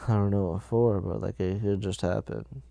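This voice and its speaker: A man's voice: lowish voice, fairly even intonation, normal speed, gravelly, warm tone, no room sound. A sleepy man hosting a solo podcast, rambling and making jokes at his own expense. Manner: rambling, jokey, self-mocking. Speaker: podcast host.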